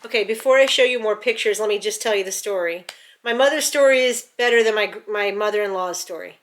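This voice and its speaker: Bright-voiced middle-aged woman telling a story. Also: medium pitch, a little fast. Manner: animated, chatty retelling full of "like" and restarts. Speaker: vlogger. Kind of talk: casual storytelling. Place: home.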